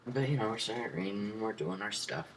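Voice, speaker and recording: A young man with a low, deep voice tells a classroom story in a casual, rambling way. He acts out the other people's lines as he goes. A faint hum of room sound sits behind him. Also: a little fast. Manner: animated retelling, acting out quoted voices. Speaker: student vlogger.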